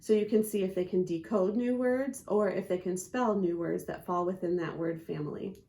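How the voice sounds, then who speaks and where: A woman teaching spelling to parents in an instructional video, patient and methodical, slowly sounding out letters and syllables. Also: on the low side, fairly even intonation, dark tone.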